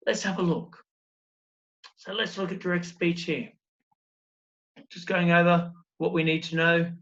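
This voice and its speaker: A fairly high-voiced man teaching a recorded primary school lesson, coaxing along with one question after another. The sound is a touch dull and lo-fi. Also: flat delivery, a little slow, fairly bright tone. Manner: encouraging, explains step by step with questions.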